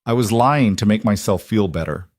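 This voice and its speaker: A man voicing a remorseful adult woman who gently tells a child hard news, soft and slow. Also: fairly low pitch, dry recording, clean studio sound, close to an everyday voice.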